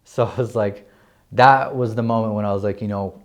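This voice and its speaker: Casting: young man from New Mexico, lowish voice, swearing storyteller who leans hard on "like". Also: fairly quick. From New Mexico, USA. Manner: excited, profane, heavy use of "like". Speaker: guest, real estate agent. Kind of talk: casual interview storytelling.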